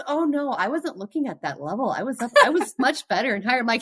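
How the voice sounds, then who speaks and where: A woman guest on a casual podcast tells a story expressively. Her voice sits a bit high and swings widely, jumping up sharply at the big moments. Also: fast, few pauses, breathy edge. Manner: expressive, voice jumps high when retelling. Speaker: podcast guest, host's twin sister.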